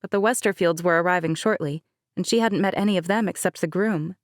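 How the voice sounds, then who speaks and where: Low-voiced woman narrating an audiobook. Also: a little fast, no room sound, studio quality. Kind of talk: scripted narration.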